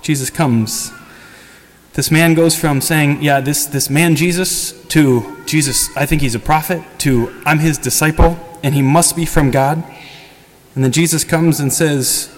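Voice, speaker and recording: A man's voice: a little slow, slight background noise. A man who is a priest, giving a casual sermon that retells a story and acts out the quotes. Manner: lively storytelling, acts out quotes with higher pitch and laughs. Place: church. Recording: long church reverb.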